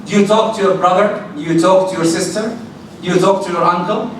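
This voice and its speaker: A man's voice: high-pitched, fairly even intonation, a little fast, a little hiss or hum. A man giving an emphatic sermon-style talk, asking his audience questions and sometimes raising his voice. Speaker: Islamic lecturer. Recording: echoey hall recorded from far off.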